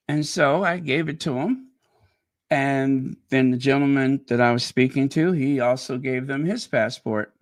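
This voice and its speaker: A middle-aged man from Chicago telling a rambling personal story in a casual monologue, animated and quick to laugh at himself. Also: mid-range voice. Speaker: channel host.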